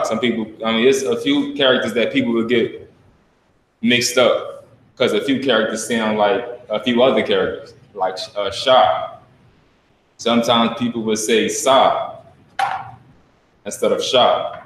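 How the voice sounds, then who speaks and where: A man standing in as teacher in a live online class, talking casually and slowly sounding out letters one by one with emphasis. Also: medium pitch, fairly bright tone, a little hiss or hum. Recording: echoey room, voice from a distance.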